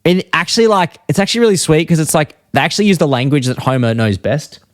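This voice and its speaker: A man chatting on a podcast, recounting scenes in a loose, rambling way and acting out quoted lines as he goes. His voice sits at an ordinary pitch, and the sound is dry and close, with no room around it. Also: very animated, fast, no room sound. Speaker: podcast co-host. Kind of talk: casual chat recapping an episode.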